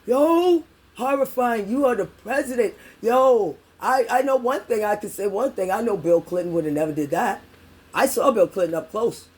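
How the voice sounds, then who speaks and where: A woman's voice: medium pitch, normal speed, darkish tone, husky. A middle-aged woman from New York delivering an angry, profane political rant to her viewers, repeating herself for emphasis. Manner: profane, emphatic, repetitive, addresses viewers as y'all. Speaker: political vlogger.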